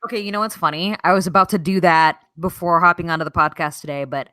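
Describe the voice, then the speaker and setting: A woman hosting a podcast in casual chat, animated, swearing and laughing often. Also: fairly low pitch, fast, no echo, clean studio sound. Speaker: podcast host.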